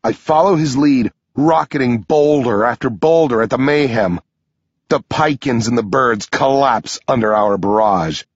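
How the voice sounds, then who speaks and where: Husky-voiced man narrating an audiobook. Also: no echo, dull audio. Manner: steady storytelling delivery, pushing up in pitch for shouted dialogue. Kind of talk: scripted first-person narration.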